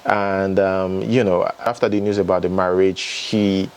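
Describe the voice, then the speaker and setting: A fairly low-voiced man with a Nigerian accent hosts an entertainment news vlog. He reads out headlines and social media posts, then chats about them with his viewers in a casual, opinionated way. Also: little pitch movement, a little slow, a little mellow, clear, resonant tone.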